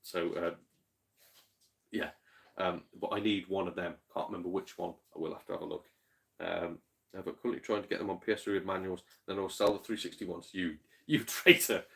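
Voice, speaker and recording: A man's voice: deep voice, level tone, a little fast, vocal fry. Tipsy, chatty streamer man. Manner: chatty, swears freely, laughs often, tipsy. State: slightly tipsy. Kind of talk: casual live-stream chat.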